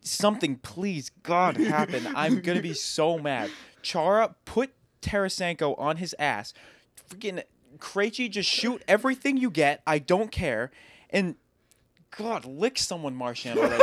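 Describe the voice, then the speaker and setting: A young man co-hosting a casual sports podcast, talking in heated, animated rants. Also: high-pitched, unhurried, dry recording. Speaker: podcast co-host.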